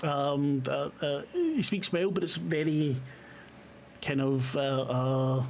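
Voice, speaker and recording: A Scottish man running a tabletop horror game as game master, narrating in a halting way, full of fillers and the odd swear. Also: on the high side, expressive, a little mellow, slight background noise.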